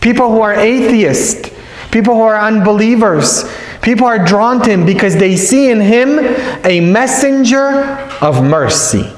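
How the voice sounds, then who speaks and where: A priest giving a retreat sermon, telling stories and repeating phrases for emphasis. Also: male voice, high voice, moderate pace, few pauses. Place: large church. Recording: echoey church hall.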